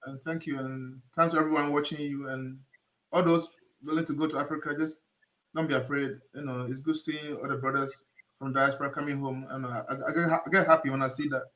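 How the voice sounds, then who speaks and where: A man's voice: medium pitch, steady tone, fairly quick, a bit bright, rough recording. A man speaking as a guest on a live chat, earnest and encouraging, repeating himself as he talks. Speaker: guest on a livestream. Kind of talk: casual encouragement.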